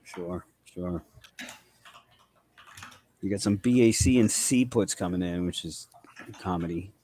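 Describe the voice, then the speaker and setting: A man's voice: sits low, slow pace, dark tone, slight background noise. A man with a New England accent hosting a live trading stream, bantering casually, swearing freely and reading chat messages aloud. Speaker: livestream trading host.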